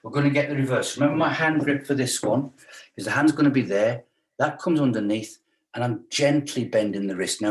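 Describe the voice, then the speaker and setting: A man leading a stretch class, chatty and joking while he counts the holds. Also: medium pitch. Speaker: fitness instructor. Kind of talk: guided stretch class instruction. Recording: roomy sound from a distance.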